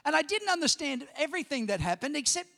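A middle-aged man with an Australian accent preaching a sermon, telling personal stories in an animated way that climbs to shouting. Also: very high voice, quick pace, gravelly. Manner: animated storytelling, rising to shouts. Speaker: pastor. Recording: long hall reverb.

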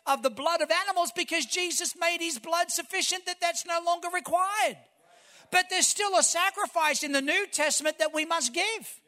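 A man, a pastor preaching a sermon, telling stories and building to shouted emphasis. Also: extremely high pitch.

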